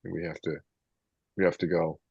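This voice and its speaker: A man's voice: deep voice, little pitch movement, a little fast, vocal fry, darkish tone, breathy edge, dry recording. A man teaching a casual Bible study to a small group. He talks in a rambling, conversational way, restarting sentences and reading scripture aloud. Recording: muffled, dull lo-fi sound.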